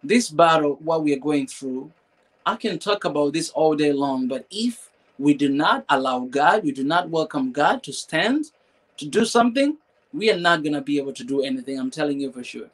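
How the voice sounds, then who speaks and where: A man's voice: fairly high pitch, expressive, normal speed, low-quality recording. A man hosting a live stream, talking emotionally in a preachy way, repeating phrases and asking rhetorical questions. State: emotional, voice breaking at times.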